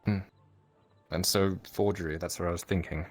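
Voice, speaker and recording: A naive commoner voiced by a man with a very low voice. He speaks bluntly and crudely and trips over long words. The scene is a live fantasy roleplay. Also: steady tone, normal speed, soft background music, natural voice. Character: naive, plain-spoken male commoner, cold and blunt. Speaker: roleplay player.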